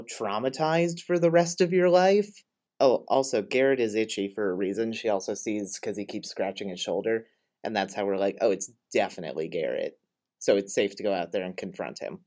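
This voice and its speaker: A man's voice: medium pitch, darkish tone. A young man co-hosting a podcast, sardonic and blunt, swearing freely while recapping a movie. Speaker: podcast co-host. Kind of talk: casual movie recap chat.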